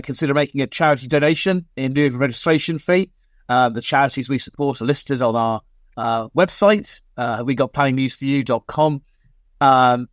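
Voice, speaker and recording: Halting male host on a video call. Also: medium pitch, no echo. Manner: friendly, halting, filler-laden. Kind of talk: hosting a casual online panel show.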